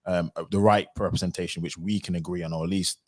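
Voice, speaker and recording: Deep-voiced, fast-talking male host. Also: no echo, studio quality. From United Kingdom. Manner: relaxed, filler-heavy, agreeable. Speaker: livestream host. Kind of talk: casual panel discussion.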